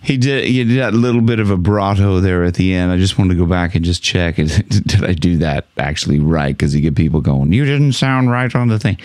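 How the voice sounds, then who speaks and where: A man teaching a casual singing lesson, explaining in a laid-back, rambling way and often clearing his throat. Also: low-pitched, brisk, hardly any pauses, a little mellow, no room sound. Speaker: vocal coach.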